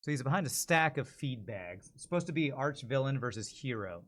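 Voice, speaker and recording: Man thinking out loud on a stream. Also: medium pitch, lively intonation, fairly quick. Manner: thinking out loud, self-correcting. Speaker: streamer practicing voice-over. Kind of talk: casual live stream chat.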